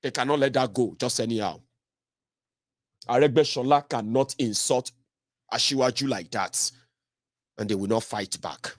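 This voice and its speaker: A Nigerian man hosting solo political commentary, mocking and animated, slipping into Pidgin. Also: mid-range voice, moderate pace, pauses often, no echo, clean studio sound.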